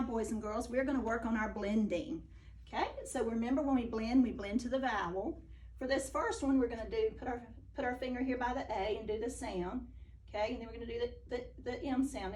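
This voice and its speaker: A woman teaching a phonics lesson to young children, speaking slowly and praising each answer. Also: on the high side, darkish tone, distant mic, a little hiss or hum.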